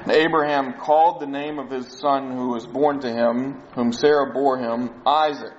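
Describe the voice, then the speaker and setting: A man's voice: medium pitch, fairly even intonation, normal speed, lo-fi sound, a little hiss or hum. A man preaching a sermon, explaining a Bible passage in a conversational way. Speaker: pastor.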